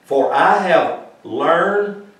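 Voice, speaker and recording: A man's voice: a little high, lively intonation, extremely slow, a bit bright. A man preaching a Bible-teaching sermon, emphatic and questioning his congregation directly. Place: congregation room. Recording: very echoey room from far off.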